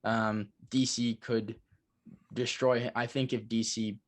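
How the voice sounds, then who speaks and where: A young man co-hosting a podcast, talking in a halting, filler-heavy, agreeable way in casual sports chat. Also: lowish voice, level tone. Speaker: podcast co-host.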